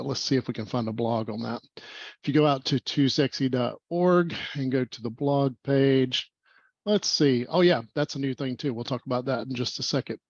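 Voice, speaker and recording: A man hosting an online developer meetup on a video call, talking fast and rambling with many fillers. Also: medium pitch, creaky, no echo, highs cut off. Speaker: meetup host. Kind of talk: casual online meetup presentation.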